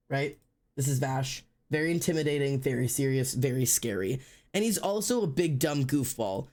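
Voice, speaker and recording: A woman's voice: sits low, a little mellow. A woman streamer chatting casually, ranting and swearing, with dramatic wails of mock despair. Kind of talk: casual live-stream chat.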